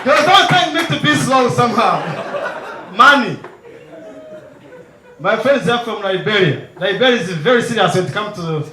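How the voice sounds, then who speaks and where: A man performing a stand-up comedy set on stage, acting out characters with sudden loud high shouts. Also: roomy sound, rough recording. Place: comedy stage before a live audience.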